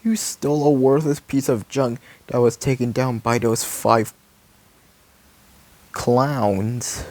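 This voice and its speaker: A man's voice: mid-range voice, fairly even intonation, slow, a little mellow, close to an everyday voice. A man voicing a scornful female owl-themed villain in a home-read fan story.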